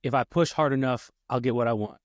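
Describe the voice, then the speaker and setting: Podcast host chiming in agreeably. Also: male voice, medium pitch, fast, dry recording, studio quality. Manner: brief agreeing interjections. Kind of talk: podcast interview.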